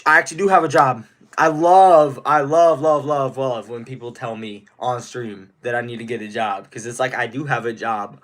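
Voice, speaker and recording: A young adult man streaming live, chatting casually with viewers and excitedly shouting out donors. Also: medium pitch. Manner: excitable, gives rapid shout-outs to donors; chatty, answers viewer questions one by one.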